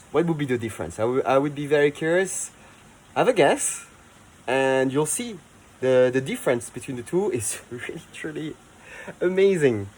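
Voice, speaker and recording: A man with a French accent, hosting a casual how-to video, chatty and enthusiastic, with soft asides now and then. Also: mid-range voice, rough recording. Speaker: eco-cleaning video host.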